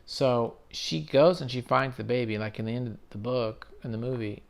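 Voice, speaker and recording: A man with a gravelly, creaky voice rambles loosely through a story, tossing in casual swears along the way. His delivery is a relaxed late-night chat as host of his own channel. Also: mid-range voice, normal speed. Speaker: video essay host.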